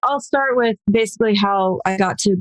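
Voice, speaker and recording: Woman in her 40s, guest storyteller, lively, acts out quotes, dry close mic. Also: moderate pace, no echo. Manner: animated, acts out quoted voices with pitch jumps. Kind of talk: casual storytelling interview.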